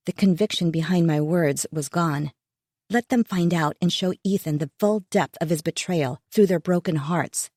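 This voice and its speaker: A woman reading a first-person thriller audiobook in a measured, tense, inward storytelling manner. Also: sits low, darkish tone, no echo, clean studio sound. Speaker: audiobook narrator.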